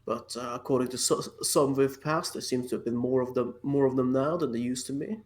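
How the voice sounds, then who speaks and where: A man's voice: mid-range voice, steady tone, brisk, a little hiss or hum. A man playing a tabletop game, talking casually and stumbling over his words. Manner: hesitant, stumbling over words, laughs often. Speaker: player.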